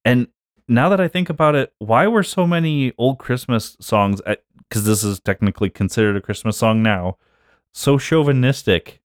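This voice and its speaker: A man's voice: mid-range voice, animated, moderate pace, no room sound, studio quality. A man co-hosting a casual podcast, chatting and laughing often as he reads old lyrics aloud. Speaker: podcast co-host.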